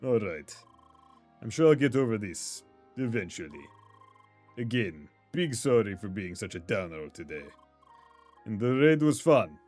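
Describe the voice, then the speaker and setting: A man's voice: on the low side, big pitch swings, a little slow, pauses often, darkish tone, faint music behind, pitched below the performer's own voice. A man reading a glum young gamer. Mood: apologetic.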